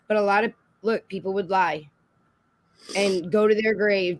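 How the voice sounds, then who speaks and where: A woman's voice: mid-range voice, fairly even intonation, normal speed. A woman on a live stream speaking emphatically and supportively in casual chat.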